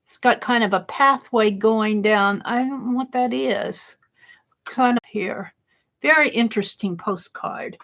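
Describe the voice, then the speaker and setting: Slow-talking woman gushing over mail. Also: a little high. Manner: greets chat viewers warmly. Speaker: crafting live-stream host. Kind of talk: casual live-stream chat.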